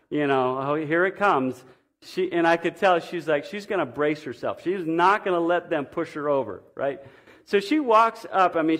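A middle-aged man giving a sermon, telling a personal story earnestly and swinging between emphatic and hushed delivery. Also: a little high. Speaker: pastor.

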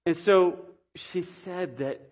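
A middle-aged man giving a sermon, telling a personal story earnestly and swinging between emphatic and hushed delivery. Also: sits high, slow pace. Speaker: pastor.

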